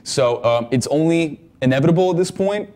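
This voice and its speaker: A man co-hosting a gaming podcast in casual chat, rambling and repeating words as he gets excited about game news. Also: on the high side, fairly quick. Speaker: podcast co-host.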